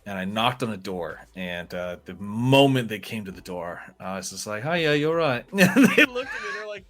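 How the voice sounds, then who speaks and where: Lively American podcast host man. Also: lowish voice, normal speed. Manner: animated storyteller, laughs often. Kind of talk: casual chat.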